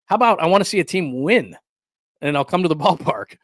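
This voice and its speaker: Man, sports talk host, animated rant, slightly high voice, dry close sound. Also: no echo. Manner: animated ranting with quick asides and laughs; reads and answers live chat. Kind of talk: solo livestream sports rant.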